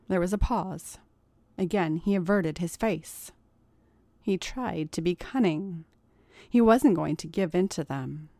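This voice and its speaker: Slow, low-voiced woman reading a story. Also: gravelly, dark tone, no room sound, studio quality. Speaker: story reader. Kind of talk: audiobook narration of erotic fiction.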